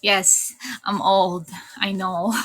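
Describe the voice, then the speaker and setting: A woman's voice: medium pitch, fairly even intonation, drawn-out words, a bit bright. A woman in her thirties with a slight Irish tinge, chatting casually on her streaming debut and laughing often. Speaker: VTuber streamer. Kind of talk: casual livestream chat.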